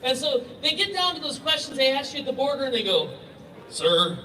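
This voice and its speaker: A middle-aged man with a fairly high voice emcees an outdoor rally, telling jokes and laughing at them. His voice reaches the mic through a stage PA from far off, roomy and echoing, over clear outdoor noise. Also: big pitch swings, fast. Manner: storytelling, laughs at own jokes. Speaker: rally emcee and gun dealer. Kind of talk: joking stage emcee speech. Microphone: stage microphone heard through PA from afar. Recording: echoey PA sound from far off.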